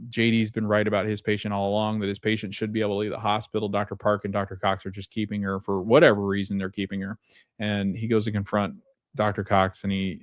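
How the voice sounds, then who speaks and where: Guy on a podcast rambling through a show recap, lowish voice, dry close sound. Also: no room sound. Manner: rambling, retells scenes with loose quotes and fillers. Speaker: podcast host. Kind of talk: casual recap and reaction.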